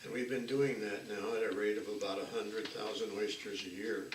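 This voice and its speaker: A man's voice: lowish voice, steady tone, a little fast. A man who chairs a local oyster society, giving a plain, informative talk at a community event. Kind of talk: public speech. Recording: echoey room, distant mic, noise.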